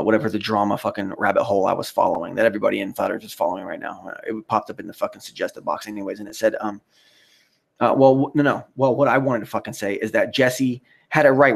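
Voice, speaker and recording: A man's voice: fairly low pitch, fairly even intonation, fast talker, vocal fry. A man hosting a live stream, ranting in a rambling, profane and mocking way while answering the chat. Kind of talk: casual live-stream rant.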